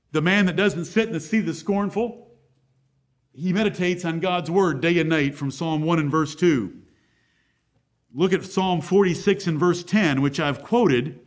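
A man with a fairly high voice preaches a sermon from the pulpit. He reads the scripture slowly and with weight, then explains it in an earnest, direct way to a church congregation. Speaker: pastor.

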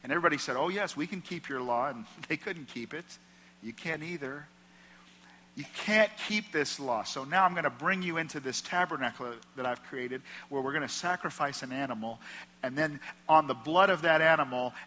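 A man with a Midwestern American accent preaches in a church hall, his bright, forward voice carrying a long reverb tail. He talks to the room earnestly and conversationally, pitched slightly high for a man. He stacks up repeated phrases to press each point home. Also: normal speed, a little hiss or hum. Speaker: pastor. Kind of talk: sermon. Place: church auditorium.

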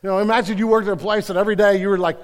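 A man preaching a sermon as pastor, animated, with frequent restarts and repeated words. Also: high voice, rapid-fire. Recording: long hall reverb.

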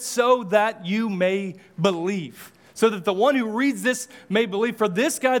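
A male pastor preaching a sermon, impassioned, with repeated rhetorical questions and casual asides. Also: sits high.

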